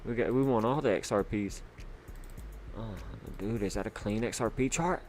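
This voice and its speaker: Male stream host, fairly low voice, casual and excitable, rambling between bursts of hype. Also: fast, a little hiss or hum. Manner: hyped, chatty, full of fillers. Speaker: livestream host. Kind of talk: casual livestream chat.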